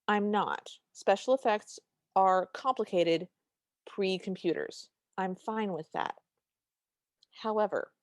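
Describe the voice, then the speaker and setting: A woman's voice: medium pitch, no echo. Podcast lady ranting about a movie, repeats stuff for emphasis, dry close mic. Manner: emphatic, indignant, repeats herself for effect. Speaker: podcast co-host. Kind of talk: casual chat.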